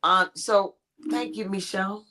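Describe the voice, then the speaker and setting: A woman's voice: mid-range voice, steady tone, measured pace, sharp tone, a little hiss or hum. A woman hosting a podcast over a video call, talking frankly and rambling with plenty of fillers. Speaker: podcast host. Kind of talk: casual chat.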